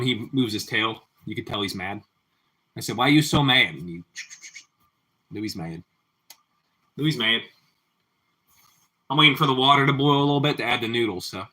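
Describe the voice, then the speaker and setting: A man's voice: mid-range voice, lively intonation, normal speed, long pauses, sharp tone. A man hosting a livestream from his home kitchen, chatting casually with viewers while he cooks and often repeating his phrases. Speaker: livestream host. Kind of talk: casual chat while cooking.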